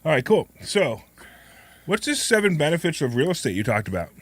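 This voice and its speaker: A hoarse man co-hosting a call-in show, chatting casually and joking with his partner. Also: on the high side, sing-song, a little fast, no room sound. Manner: upbeat, joking, plugs the phone number. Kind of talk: casual radio chat.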